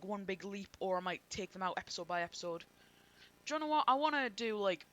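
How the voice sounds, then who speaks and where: A young man giving loose, chatty commentary while playing a video game, full of fillers and side tangents. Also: high-pitched. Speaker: gameplay streamer. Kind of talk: rambling gameplay commentary. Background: loud game music.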